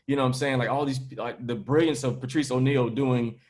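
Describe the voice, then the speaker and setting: A man's voice: mid-range voice, fairly even intonation, brisk, a little mellow. A man who is a comedian and podcast host, making his point in casual conversation with emphatic, slangy delivery.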